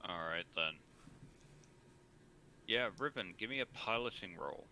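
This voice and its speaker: A man running a tabletop game as game master, narrating the scene in a measured way with frequent pauses. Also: lowish voice, lively intonation, pushed and bright, slight background noise, poor audio.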